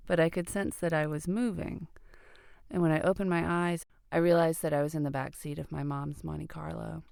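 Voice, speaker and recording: A middle-aged woman telling a personal story in a conversational, earnest way, sometimes hushed. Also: deep voice, little pitch movement, moderate pace, gravelly, smooth, dry recording, studio quality.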